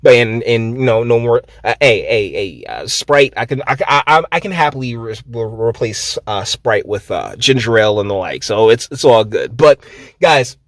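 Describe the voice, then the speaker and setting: Animated ranting man in his thirties. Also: medium pitch, normal speed, no room sound, studio quality. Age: 30s. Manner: sarcastic, profane, many restarts. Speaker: vlogger. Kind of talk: ranting commentary.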